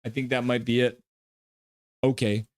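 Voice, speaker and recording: A man streaming a live reaction, calling plays and reading chat aloud with excitable, jokey trash talk. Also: mid-range voice, normal speed, dry recording.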